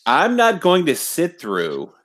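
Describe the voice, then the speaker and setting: Lively-voiced sarcastic male co-host. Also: a little high, slow. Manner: sarcastic, emphatic, trails off. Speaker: podcast co-host. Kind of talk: casual podcast chat.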